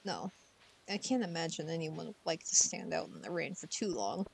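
A woman's voice: low voice, big pitch swings, moderate pace, vocal fry, slight background noise. A woman streamer chatting casually over gameplay, giggling and talking to the game's characters from a room at home.

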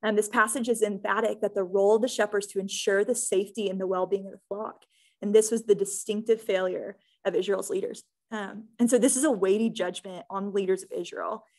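A young woman teaching a Bible study, casual and earnest, often pausing with "um" and checking in with "right?". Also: medium pitch, fairly even intonation, darkish tone. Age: young adult.

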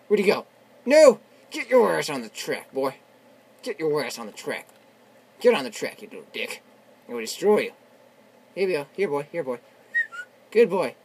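Excitable young gamer yelling at the game. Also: male voice, on the high side, moderate pace, vocal fry, long pauses, husky. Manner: excitable, yells and swears at the game. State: voice worn from shouting. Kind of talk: casual gameplay commentary. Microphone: tablet on a desk.

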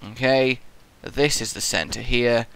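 A man's voice: medium pitch, steady tone, unhurried, gravelly, a bit bright, a little hiss or hum. A young man, commentating his own gameplay in a rambling, goofy way, muttering to himself and slipping into silly voices. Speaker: Minecraft let's player.

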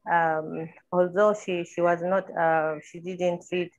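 Low-voiced Arabic-speaking woman on a dull call. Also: level tone. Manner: halting, slips into Arabic phrases. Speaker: discussion participant. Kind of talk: online group discussion.

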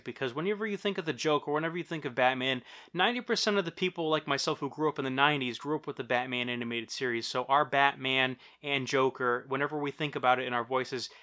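A man's voice: medium pitch, pushed and bright. A man in his thirties hosting a casual film review, enthusiastic and talking straight to his viewers. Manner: enthusiastic, addresses viewers as "guys". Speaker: film reviewer, channel host.

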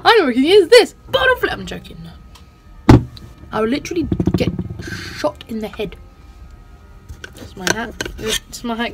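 A playful female host, casually commenting over gameplay with goofy sing-song bits and a habit of saying "bloody". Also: on the high side. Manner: self-censors swearing, says "bloody" a lot. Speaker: gaming channel host.

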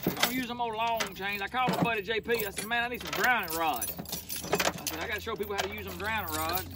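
Middle aged mississippi guy, high voice, rambling trapping vlog on his phone outside, lots of noise behind him. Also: fast talker. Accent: Mississippi Southern. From southern United States. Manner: folksy and rambling, talks to viewers as y'all. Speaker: trapper vlogger. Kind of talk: casual outdoor vlog. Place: outdoors on a farm by a lake. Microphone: phone on a tripod. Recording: noisy outdoor phone recording.

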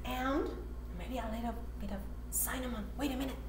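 A woman whose first language is Spanish gives a playful cooking lesson to children, talking in an animated, sing-song way with many excited gasps. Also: on the high side, a little fast, echoey room, noisy background. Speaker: teacher for children.

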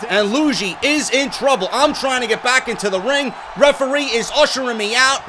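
A man giving excitable, profane wrestling play-by-play over a video game he is playing, often shouting. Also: very high voice, normal speed, a crowd in the background. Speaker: gameplay commentator.

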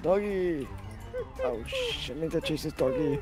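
A man's voice: fairly high pitch, wildly swooping pitch, measured pace, loud music behind the voice. A man in game role-play, flustered and swearing often as he calls after a dog.

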